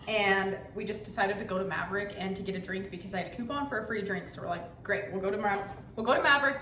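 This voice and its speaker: Chatty young mom, fairly high voice. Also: female voice. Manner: chatty and animated, quick bursts. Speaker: mother telling a story. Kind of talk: casual storytime vlog. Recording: echoey room, faint background hum.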